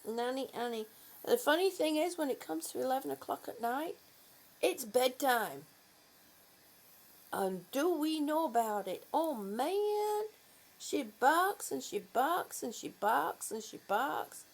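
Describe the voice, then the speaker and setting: A woman's voice: sits high, lively intonation, slow pace. A woman vlogger in a casual morning chat, affectionately greeting viewers and fussing over her dog.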